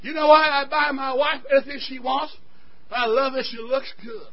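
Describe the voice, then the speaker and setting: A male pastor preaching a sermon. He cries out and shouts at his climaxes and whoops, then drops to quiet joking asides. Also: very high-pitched, fairly even intonation, moderate pace, muffled recording.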